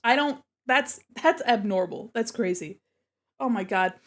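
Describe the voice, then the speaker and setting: Fairly high-pitched and a bit bright, this art streamer speaks expressively and a little slowly. She's a young woman at home, giggling and chatting as she eats with her mouth full, her mic set away from her face.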